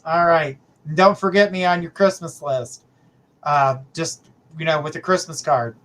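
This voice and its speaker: Chatty high-voiced man hosting a livestream. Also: steady tone, normal speed, fairly bright tone. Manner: chatty, affectionate, calls viewers sweetheart and honey. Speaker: psychic reader, livestream host. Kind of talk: casual live-stream chat reading viewer questions.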